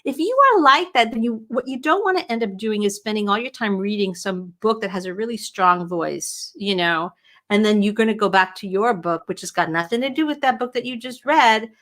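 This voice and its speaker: Here a middle-aged woman coaches writing on a laid-back home livestream, responding to viewer questions in a bubbly, animated manner. Her pitch is mid-range and she talks fairly quickly, recorded on a webcam or computer microphone.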